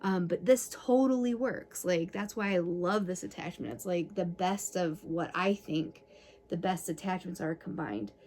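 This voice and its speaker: A woman's voice: lowish voice, a little slow. Young woman chatting through a self-massage demo, easygoing, sighing now and then, faint hiss behind. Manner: relaxed, chatty, frequent sighs and breathy groans of relief. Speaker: massage tool demonstrator. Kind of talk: casual self-massage tutorial.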